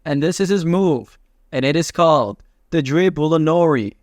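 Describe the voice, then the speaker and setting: A man's voice: a little high, moderate pace, darkish tone, no echo, clean studio sound. Chatty jokey man recapping a comic. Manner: jokey, chatty play-by-play with asides. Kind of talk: casual recap narration.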